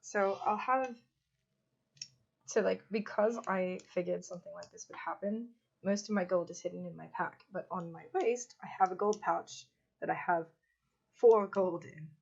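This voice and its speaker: A woman's voice: fairly low pitch, normal speed, vocal fry, a little mellow. A woman playing a tabletop game, blunt and sarcastic. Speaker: player. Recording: dull lo-fi audio.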